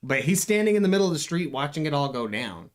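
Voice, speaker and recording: A man's voice: a little high, sing-song, quick pace. A young man in a casual podcast chat, telling rambling stories full of swearing, dude and bro. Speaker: podcast co-host.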